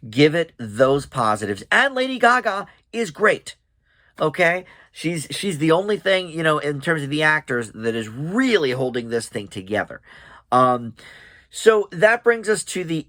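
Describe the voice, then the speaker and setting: A man's voice: medium pitch, a bit bright, dry recording. A man giving a casual, rambling spoken movie review, full of fillers and restarts, chuckling now and then. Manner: chuckles while talking. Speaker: film reviewer.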